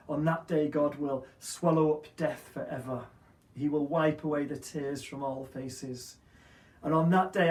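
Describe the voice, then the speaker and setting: A man's voice: on the high side, reverberant, distant mic. A man preaching an Easter sermon with earnest, rhythmic repeated phrases. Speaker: pastor.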